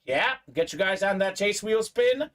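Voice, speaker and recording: A man hosting a live sports card break stream, excitedly hyping up buyers and reading chat messages aloud. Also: high voice, moderate pace. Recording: distant mic.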